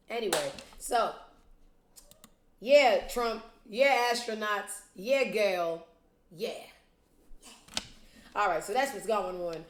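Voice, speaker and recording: A woman's voice: medium pitch, unhurried, long pauses, echoey room. A woman hosting a casual commentary show, blunt, profane and sarcastic, talking straight to her viewers. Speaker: show host.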